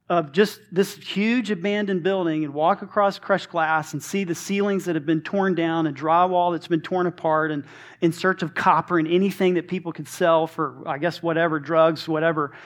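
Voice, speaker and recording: A man's voice: high voice, steady tone, moderate pace. A man in his late forties, a pastor telling a personal story in a sermon, acting out dialogue with frequent restarts. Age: 40s.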